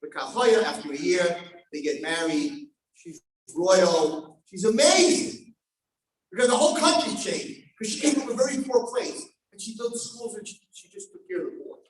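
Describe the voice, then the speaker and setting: A man telling a parable during a Torah class, acting out the voices and swinging from hushed lines to shouts. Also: sits high, expressive, normal speed, slight background noise. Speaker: daf yomi teacher. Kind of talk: sermon storytelling. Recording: echoey hall from far off.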